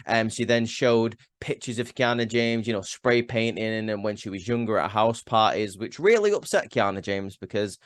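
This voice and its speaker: A man recapping a show in a loose, rambling way, heavy with "um"s and false starts. He speaks at an everyday middle pitch, and the sound is dry and close, with no room to it. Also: normal speed, hardly any pauses, dry recording. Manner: rambling, frequent "um" and restarts, opinionated. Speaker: wrestling show reviewer. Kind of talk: casual spoken review.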